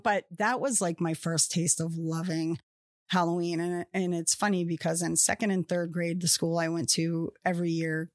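A woman with a fairly low voice talks casually as a podcast guest. She rambles along, full of fillers and quick restarts. Her voice sounds dry and close, with no room echo.

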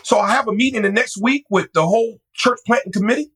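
A middle-aged male pastor recounting his story in an interview, animated and quick to act out voices. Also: sits high, husky, poor audio. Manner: animated, laughing, acts out voices.

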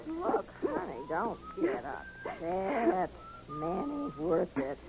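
An actress playing a soothing, hushed female resort clerk in 1940s radio acting. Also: sits high, wildly swooping pitch, slow, gravelly, exaggerated voice. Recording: muffled old radio recording with heavy hiss.

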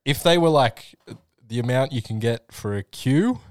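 A man's voice: mid-range voice, lively intonation, moderate pace, no echo. A man hosting a podcast, chatty and reactive, jumping in with jokes and questions. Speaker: podcast host. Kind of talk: casual podcast chat.

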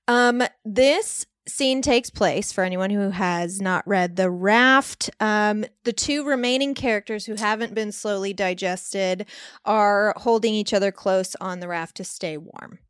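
A woman in her thirties co-hosting a podcast, chatting casually and reading a horror passage aloud with animated emphasis. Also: medium pitch, takes it slowly, clear, resonant tone, no room sound, studio quality. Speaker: podcast co-host.

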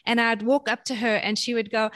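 A woman's voice: fairly high pitch, fairly quick. A woman from South Africa, a guest on a parenting podcast, talking casually and acting out little quoted voices as she tells stories. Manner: animated storytelling with quoted voices and repeated words.

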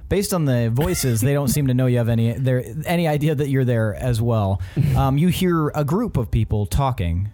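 A man narrating a tabletop game as game master, relaxed and chuckling often. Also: mid-range voice, normal speed, few pauses.

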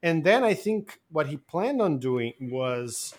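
A man's voice: fairly high pitch, takes it slowly. A man co-hosting a movie podcast, chatting casually and eagerly laying out a theory. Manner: animated, laughing, spins theories. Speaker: podcast co-host. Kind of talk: casual chat.

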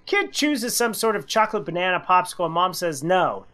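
A man co-hosting a radio show, reading funny listener anecdotes in casual chat and acting out the quoted lines with big pitch jumps. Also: big pitch swings, normal speed, pushed and bright. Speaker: radio co-host.

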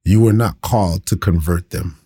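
A man's voice: deep voice, moderate pace, mellow, slightly rough. A man in his thirties, a pastor, teaching the Bible in a casual, conversational way, laughing often and poking fun at himself.

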